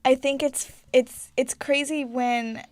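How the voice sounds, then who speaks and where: A woman's voice: high-pitched, steady tone, takes it slowly, no room sound. A young woman who is a podcast guest, talking in earnest, reflective casual chat.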